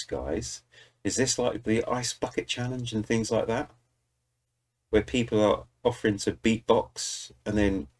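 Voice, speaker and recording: In a fairly low, husky voice, a British host reacts to music on video. The talk is casual commentary, enthusiastic and aimed squarely at his viewers.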